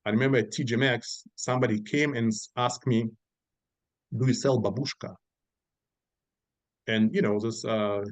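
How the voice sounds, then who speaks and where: A middle-aged man with a Russian-speaking accent, from Uzbekistan, talks as a podcast guest, animated and full of fillers as he acts out the people in his stories. His voice sits at an ordinary pitch for a man, and the recording is dry and close. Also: no room sound, low-quality recording. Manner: animated storyteller acting out quoted voices, many fillers. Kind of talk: casual storytelling interview.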